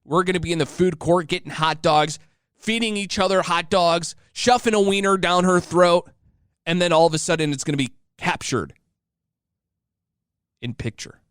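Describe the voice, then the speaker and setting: A man's voice: high-pitched, normal speed, a bit bright, smooth, dry recording, clean studio sound. A man in his thirties telling a casual, joking story as a podcast host. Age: 30s. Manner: chatty and joking, acting out voices.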